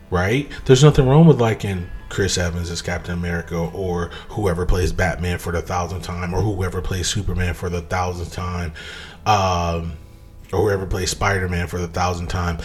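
A man talking in a casual monologue, emphatic and animated, with sudden jumps in pitch when he drives a point home. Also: moderate pace, faint music behind.

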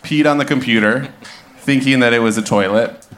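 A man in his thirties from Minnesota tells an animated comic story live on stage, laughing and acting out the quotes. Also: medium pitch, moderate pace. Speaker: guest storyteller. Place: club stage before a live audience.

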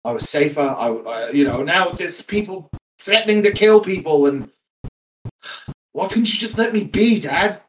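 A slightly high-voiced man rants as a bitter, irate son in a tabletop role-play game, cursing freely. He swings from loud outbursts to low mutters. A faint hiss sits under his voice. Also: lively intonation, normal speed, low-quality recording. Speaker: player.

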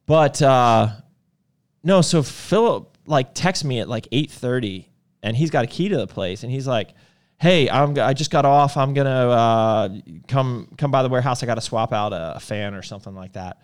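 A man talks easily in a relaxed chat and tells a rambling story. His voice sits at an ordinary pitch, and he leans on plenty of fillers as he goes. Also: normal speed, clear, resonant tone. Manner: loose storytelling with many fillers. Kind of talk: casual chat.

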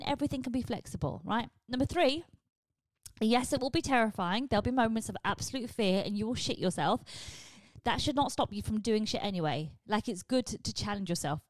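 A woman talks through a solo podcast episode in a chatty, candid way, swearing freely. Her voice sits a little high, and her pitch jumps up often. The recording is dry and close, with no room sound. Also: no room sound. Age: 40s. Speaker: podcast host. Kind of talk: casual solo podcast monologue.

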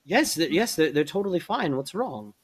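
A man's voice: a little high, very animated, moderate pace, heavy background noise. A man voicing an anxious ship officer who stutters constantly while trying to reassure his captain.

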